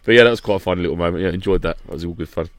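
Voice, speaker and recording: A man's voice: deep voice, very fast, dry recording. A man telling stories in casual chat as a podcast guest, acting out what people said. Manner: animated storytelling, acting out quotes.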